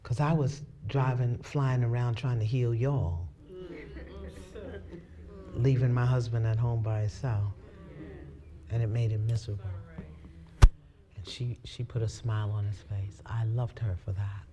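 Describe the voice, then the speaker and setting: A woman on a talk show telling a personal story of forgiveness, laughing often, acting out her own thoughts and sometimes dropping to a hushed near-whisper. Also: extremely low pitch, steady tone, unhurried, long pauses, a crowd in the background. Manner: drops to hushed near-whispers at tender moments.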